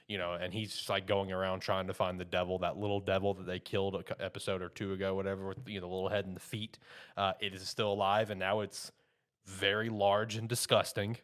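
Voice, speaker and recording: A man's voice: deep voice, level tone, fast talker, a bit bright. A young man co-hosting a podcast, chatting loosely and rambling with lots of filler words. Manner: loose and rambling, full of "you know" and "like". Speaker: podcast co-host reviewing anime. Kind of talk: casual chat.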